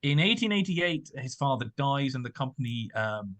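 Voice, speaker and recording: A man's voice: mid-range voice, sing-song, normal speed, fairly bright tone. Hesitant man chatting casually. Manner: hesitant, many fillers and restarts. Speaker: podcast host presenting research. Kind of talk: casual chat.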